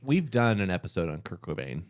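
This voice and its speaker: A man's voice: low voice, very animated, a little fast. A man co-hosting a casual podcast chat, cracking dry jokes. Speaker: podcast co-host.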